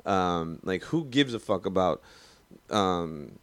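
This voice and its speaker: A man's voice: low voice, lively intonation, slow, dry recording. A man ranting casually and profanely, rambling with lots of restarts and filler. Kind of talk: casual rant, movie review.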